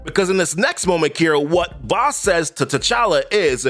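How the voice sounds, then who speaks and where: A man's voice: fairly high pitch, lively intonation, normal speed, few pauses, a bit bright, faint music behind. A man hosting a casual comic book recap, chatty and enthusiastic. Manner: enthusiastic, chatty, laughs often.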